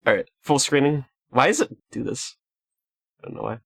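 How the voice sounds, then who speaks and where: Laid-back male streamer, lively inflection, close dry sound. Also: mid-range voice, normal speed, gravelly, no room sound. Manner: laughing, relaxed reactions. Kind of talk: casual stream commentary.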